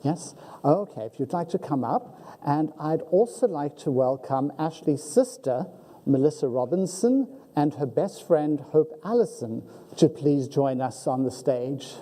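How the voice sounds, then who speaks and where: A woman's voice: deep voice, lively intonation, measured pace, warm tone. A woman with a South African accent announcing scholarship awards at a ceremony, joking lightly with the audience. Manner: self-deprecating, joking with the audience. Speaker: ceremony presenter. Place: auditorium. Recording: long hall reverb.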